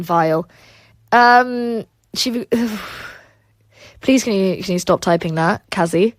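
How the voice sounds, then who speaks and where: A woman's voice: medium pitch, slow, no room sound. A woman hosting a casual livestream, reading chat aloud and rambling with lots of "like" and "um" fillers.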